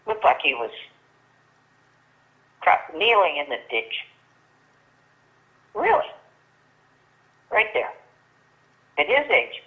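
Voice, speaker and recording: An older woman, a guest, telling a long story in casual chat and acting out the dialogue she quotes, with frequent restarts. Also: sits low. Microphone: telephone. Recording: tinny phone line.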